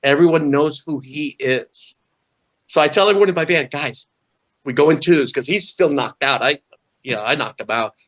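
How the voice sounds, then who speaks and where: A middle-aged man from Southern California, a guest musician telling lively stories in an interview, acting out voices and laughing often. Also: fairly high pitch, fairly quick. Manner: animated storyteller, acts out voices, laughs often. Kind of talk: storytelling in an interview. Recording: dull lo-fi audio.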